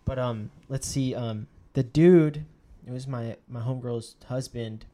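A young man casually telling a story, swearing a lot and acting out the quotes of others with sudden jumps in his voice. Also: measured pace. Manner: animated, profane, acts out quotes with sudden pitch jumps.

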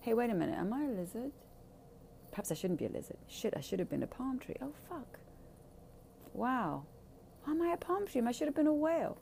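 A woman's voice: a little high, sing-song, fairly quick, gravelly, long pauses, darkish tone, a little hiss or hum, voice pushed up. A woman mocking a fretful lizard's voice. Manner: anxious, self-questioning, exclaiming. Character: fretful lizard doubting what it is.

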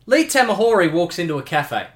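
This podcast co-host spins comic stories in casual chat, playing them up in a theatrical, mock-dramatic way. His voice sits high and sing-song, fairly quick, with a fairly bright tone.

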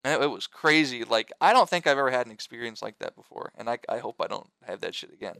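Rambling profane young man, bright voice. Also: mid-range voice, animated, quick pace, creaky, clean tone, dry recording. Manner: rambling, profane, lots of fillers and restarts. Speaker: storyteller among friends. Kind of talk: casual chat.

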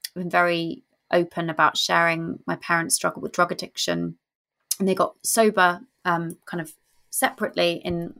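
A woman in her thirties giving frank, casual relationship advice, animated and swearing freely. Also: lowish voice, vocal fry.

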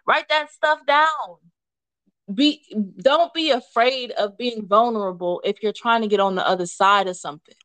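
A woman's voice: a little high, normal speed, fairly bright tone, dry recording. A woman guest on a podcast, speaking in an earnest, encouraging conversational way. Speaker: podcast guest, author and advocate. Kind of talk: conversational interview.

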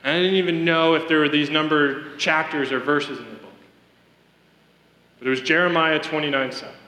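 A man's voice: a little high, steady tone, a little fast, sharp tone. A man preaching a sermon to a congregation, telling his story in an earnest, direct way in a church. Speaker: preacher giving testimony. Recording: echoey hall reverb.

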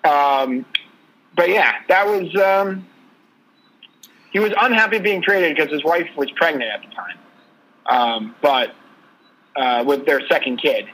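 A man's voice: on the high side, slow pace, pauses often, a bit bright, slight background noise, rough recording. A man co-hosting a casual sports podcast, telling stories and listing trade details. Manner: storytelling, lists trade details. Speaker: podcast co-host.

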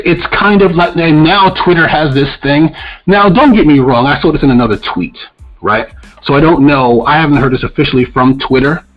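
Guy on a podcast going off, swears a lot, blunt, mid voice, kinda dull lo-fi sound. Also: mid-range voice. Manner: blunt, profane, ranting. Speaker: podcast co-host. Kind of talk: casual opinionated podcast talk.

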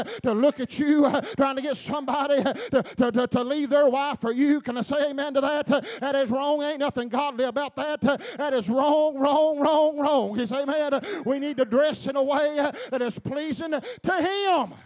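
A male preacher delivering a fervent sermon, halting with filler sounds, laughing and calling out to the congregation. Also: extremely high pitch, a little mellow. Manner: fervent, repeats calls to the congregation, laughs between lines.

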